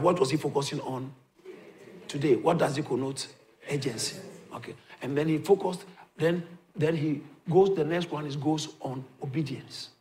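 A man preaching a sermon to a congregation, often repeating phrases and asking the listeners whether they follow him. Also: mid-range voice. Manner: rhetorical questions to the congregation, repeats phrases for emphasis.

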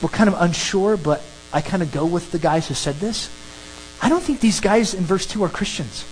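A preacher giving an animated, emphatic sermon that works through a scripture passage. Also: medium pitch, normal speed, a little hiss or hum, poor audio. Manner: animated, emphatic, acts out crowd scenes.

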